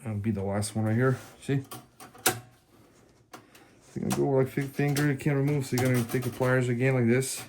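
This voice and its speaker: A tech video host gives a casual, hands-on walkthrough of a hardware install, talking to viewers as guys while he works. His mid-range voice is steady and brisk with frequent pauses, against a noisy background.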